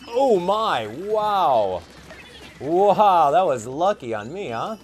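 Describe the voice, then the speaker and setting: A young man giving casual gameplay commentary, chatty and excitable, thinking aloud with plenty of fillers. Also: fairly high pitch, slow, a little hiss or hum. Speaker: gaming YouTuber.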